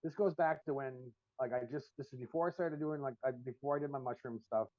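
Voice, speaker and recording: A man's voice: mid-range voice, a little fast, no echo. A man co-hosting a podcast, telling long, profane, rambling stories full of fillers in casual chat. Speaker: podcast co-host. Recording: dull lo-fi stream audio.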